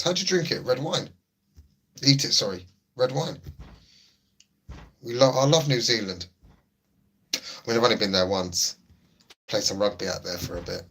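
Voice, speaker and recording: A middle-aged man chats casually on a livestream and reacts to viewers. His voice sits a little low but comes across bright and husky. He rambles, repeats phrases and keeps a laid-back banter going. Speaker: livestream host. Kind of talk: casual livestream chat, reading chat.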